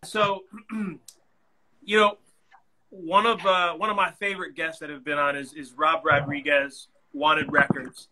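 A man's voice: on the high side, little pitch movement, slow pace, sharp tone, a little hiss or hum, rough recording. A man hosting a podcast interview, asking earnest, reflective questions. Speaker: podcast host.

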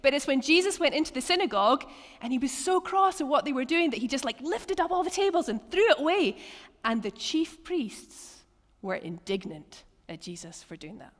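A woman preacher leading an interactive church teaching session, telling Bible stories with animated asides and acted-out lines. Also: high-pitched, moderate pace. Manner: lively, animated storytelling with acted quotes and laughs. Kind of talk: interactive sermon with table activities. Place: church hall. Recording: long church hall reverb.

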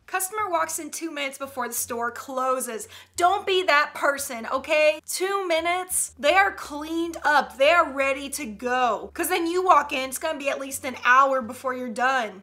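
A woman's voice: high voice, expressive, a little slow, bright, forceful tone. A young woman in her twenties giving casual comedic commentary, chatty and laughing often with playful slang. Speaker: YouTuber reacting to memes.

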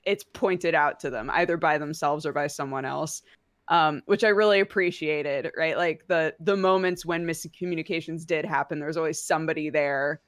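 A woman's voice: low-pitched, fairly even intonation, normal speed, no room sound, studio quality. A woman co-hosting a podcast, chatting casually with many fillers and laughing asides. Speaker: podcast co-host. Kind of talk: casual chat.

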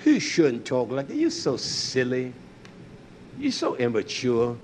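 An older man preaching an animated sermon, swinging between loud bursts and low asides. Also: a little slow, slight background noise.

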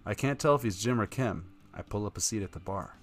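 A man's voice: on the low side, a little fast, soft background music. A man streaming live, reading a text adventure aloud in a casual tone with wry asides.

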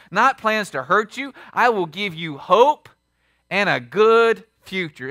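A man preaching a sermon as pastor, emphatic and quick to throw questions at the congregation. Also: sits high, bright, forceful tone, dry recording, studio quality.

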